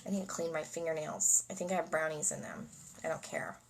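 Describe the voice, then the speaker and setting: A woman's voice: low voice, steady tone, fairly quick, noisy background. A woman giving a spontaneous spiritual card reading, dreamy and emotional, often repeating phrases. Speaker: oracle card reader and energy healer.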